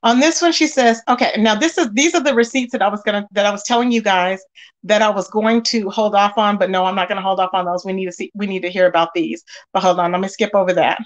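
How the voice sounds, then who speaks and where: A woman hosting a casual gossip commentary, talking straight to her viewers in an animated way with lots of fillers. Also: mid-range voice, fast talker. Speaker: commentary channel host.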